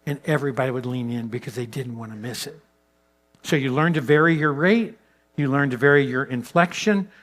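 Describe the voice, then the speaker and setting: A man giving a leadership talk to pastors as a guest speaker. He tells stories with lively swings in pitch and loudness, and drops to a soft, slow voice for emphasis.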